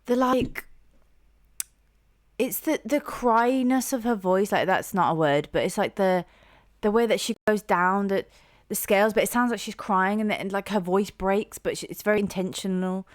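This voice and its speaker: A young woman talks casually into a close mic about a song she loves, gushing and rambling and often restarting her sentences. Her voice sits at an everyday pitch. The sound is dry, with no room echo. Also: moderate pace. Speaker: music reaction host. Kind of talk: casual reaction commentary.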